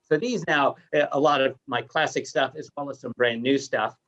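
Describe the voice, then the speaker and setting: Male guest, relaxed and self-mocking, on a dull lo-fi remote line. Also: mid-range voice, moderate pace. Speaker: guest performer. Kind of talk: casual conversation.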